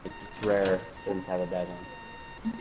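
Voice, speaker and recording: A man's voice: sits low, monotone, measured pace, a little mellow, slight background noise, rough recording. A man chatting casually in a game review, rambling and joking, often repeating his words. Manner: rambling, jokey, repeats words, mock drawl. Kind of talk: casual chat.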